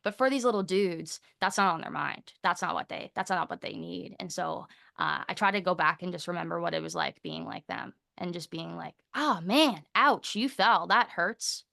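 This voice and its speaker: Chatty young woman telling lively stories. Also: lowish voice, vocal fry, no room sound, clean studio sound. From Canada. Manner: animated storyteller, acts out quoted dialogue; frequent "like" fillers, quick bursts. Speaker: guest speaker. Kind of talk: casual conversational interview.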